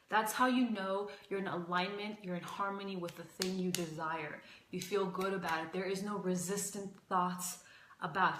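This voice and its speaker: A woman's voice: on the low side, fairly bright tone, reverberant. A young adult woman teaching as a life coach in a casual livestream, talking emphatically and repeating phrases, a bit out of breath.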